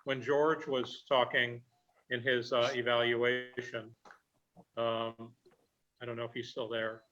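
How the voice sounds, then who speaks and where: A man walks through word usage on a video call, calm and explanatory as he corrects phrasing with simple examples. His voice is bright and forward. The call audio sounds slightly dull and lo-fi. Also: mid-range voice, takes it slowly, a little hiss or hum. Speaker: grammarian at a club meeting. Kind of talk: online meeting report.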